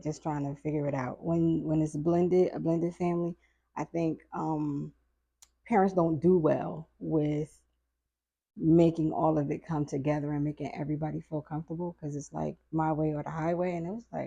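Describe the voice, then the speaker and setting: A middle-aged woman guest on a podcast, telling a family story in a casual, animated way and acting out the voices of people she quotes. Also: deep voice, normal speed, gravelly, breathy edge, dull audio.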